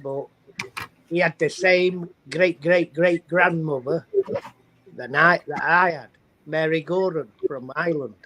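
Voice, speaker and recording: A man's voice: on the high side, unhurried, pushed and bright, rough recording. A man with an English accent chatting casually on a video call live stream, often restarting his sentences. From England. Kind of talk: casual chat.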